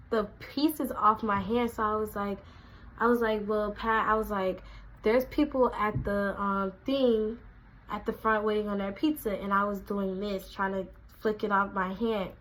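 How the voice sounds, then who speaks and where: A young woman, telling a casual storytime, animated and acting out quotes in a raised voice. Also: mid-range voice, unhurried, poor audio. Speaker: vlogger.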